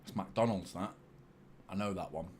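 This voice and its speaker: A young man with a deep, slightly mellow voice hosts a fan channel live stream, watching along and chatting at a moderate pace over a faint hiss or hum. He's casual with viewers, swears a lot, and trades self-mocking banter with chat.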